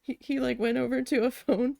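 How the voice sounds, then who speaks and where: A woman's voice: high-pitched, fairly even intonation, brisk, creaky, mellow, no echo, studio quality. A woman telling a story in casual chat while crafting, chatty and exasperated, swearing now and then. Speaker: craft vlogger.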